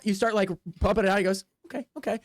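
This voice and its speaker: A man streaming as game master for a tabletop game, narrating in a rambling, filler-heavy way and dropping into quick voiced asides. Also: sits high, little pitch movement, no echo, clean studio sound, soft background music.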